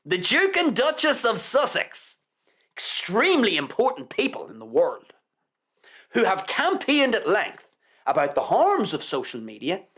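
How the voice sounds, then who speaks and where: A man hosting a live show, reading the news aloud with heavy sarcasm. His pitch swoops dramatically up and down, and he takes his time over each phrase, repeating lines in mock reverence. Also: a bit bright. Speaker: host.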